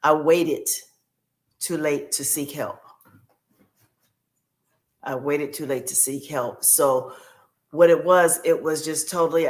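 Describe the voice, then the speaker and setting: A woman's voice: sits low, fairly bright tone. A woman guest on a podcast, telling a personal caregiving story in a heartfelt way and repeating key phrases for emphasis.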